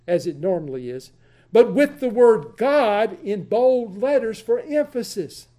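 Male Bible teacher, unhurried, mellow tone, careful step-by-step explaining. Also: high-pitched, expressive. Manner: deliberate, explanatory, repeats for emphasis. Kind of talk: Bible study lesson.

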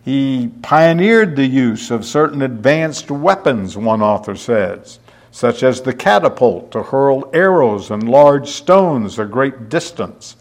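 A man's voice: mid-range voice, lively intonation, slow pace. A man teaching through a Bible passage, reading verses aloud and explaining them with occasional fillers. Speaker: preacher.

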